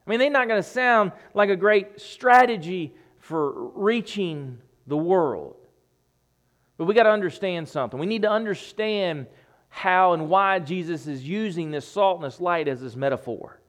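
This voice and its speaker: A man's voice: high-pitched, expressive, moderate pace, a bit bright. A man preaching a sermon, emphatic, repeating phrases and dropping his voice for effect.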